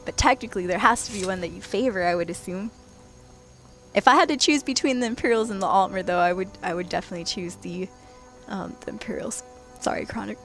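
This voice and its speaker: A woman's voice: mid-range voice, fast, a bit bright. Young woman, casual game streamer, chatty, giggly, talking to chat, faint music behind. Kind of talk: casual late-night gaming livestream chat.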